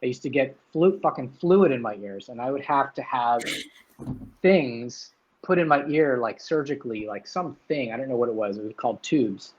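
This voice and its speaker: A man's voice: medium pitch, lively intonation, moderate pace, a little hiss or hum. A man hosting a livestream, rambling casually and swearing now and then. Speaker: livestream host. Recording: dull lo-fi sound.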